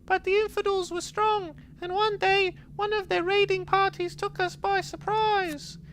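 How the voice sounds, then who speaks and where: A man voicing a weary, lonely old male monk in a strained high voice while reading game text aloud. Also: flat delivery, measured pace, fairly bright tone, slight background noise. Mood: solemn.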